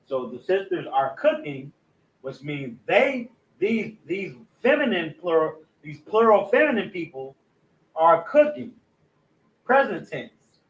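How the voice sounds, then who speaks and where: A man leads a language class, spelling words out syllable by syllable as he writes. His voice sits a little high, and the recording sounds dull and lo-fi. He stops now and then to fix his own mistakes aloud. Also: sing-song, reverberant. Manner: spells words out slowly, corrects himself aloud. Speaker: class teacher. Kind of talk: Hebrew language lesson at a board.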